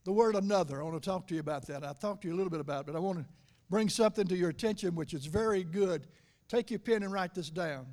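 A middle-aged man preaching a sermon, swinging from loud emphatic lines to low confiding asides and slowly stretching key words for emphasis.

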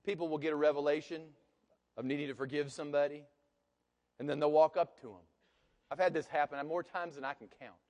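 A man's high-pitched voice delivers a sermon from the pulpit. He swings between quiet, intimate moments and loud, emphatic preaching. The sound rings with long reverb through a large church hall. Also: fairly even intonation, a little fast, long pauses. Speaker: pastor.

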